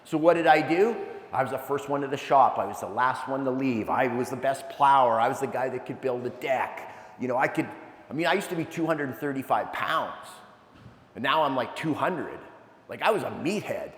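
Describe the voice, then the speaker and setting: A man giving an animated, energetic motivational talk, telling stories with asides to a live audience. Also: medium pitch, moderate pace. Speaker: keynote speaker. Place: large event hall. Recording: echoey hall, long reverb.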